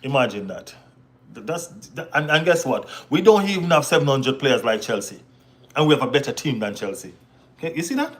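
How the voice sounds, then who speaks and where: A man's voice: mid-range voice, lively intonation, fairly quick, fairly bright tone. A man hosting a football live stream, reading chat and answering viewers in a casual, bantering way with frequent "you know what I mean".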